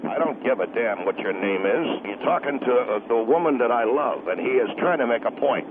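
A man's voice: mid-range voice, lively intonation, fairly quick, voice pushed down, natural voice. A man voicing a hot-tempered middle-aged husband who bullies and threatens a caller, in a comedy call-in bit. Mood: threatening. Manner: threatening, bullying. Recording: tinny phone line with hiss.

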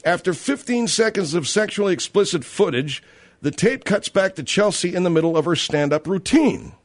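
Guy on talk radio reading off a gossip item and riffing, kinda high voice for a man. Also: animated, moderate pace. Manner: reads news aloud and riffs on it. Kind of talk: casual talk radio chat.

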